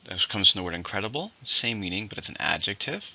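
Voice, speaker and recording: A man teaching English vocabulary in a recorded lesson, with slow, clear, deliberate pronunciation drills. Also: on the low side, lively intonation, pushed and bright. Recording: dull lo-fi recording.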